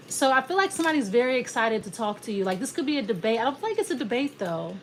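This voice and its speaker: A woman's voice: a little high, very animated, fast talker, few pauses, slight background noise. A woman giving a casual, rambling tarot reading, often restarting her sentences and acting out imagined back-and-forth exchanges. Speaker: tarot reader.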